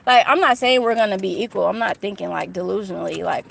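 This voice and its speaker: A woman's voice: medium pitch, a little fast, vocal fry, a little hiss or hum. A woman from California chatting casually with her livestream viewers, candid and rambling, full of fillers and restarts. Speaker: YouTuber talking to live chat.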